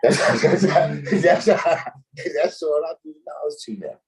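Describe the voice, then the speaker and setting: A man hosting a casual livestream chat, telling stories in an animated, slangy way and laughing often. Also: fairly high pitch, slow, poor audio. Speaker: host.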